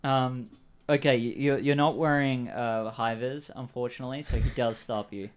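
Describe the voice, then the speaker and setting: A man's voice: medium pitch, fairly even intonation, normal speed, clear, resonant tone. A man running a tabletop game as game master, talking casually with lots of fillers. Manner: casual, hesitant with fillers, voices characters.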